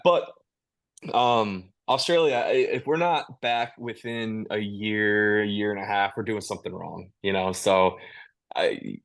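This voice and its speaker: A man's voice: mid-range voice, a bit bright. A man, a touring metal musician, talking casually in an interview over a video call, rambling with restarts and easy laughs. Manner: laid-back, rambling with many restarts and laughs.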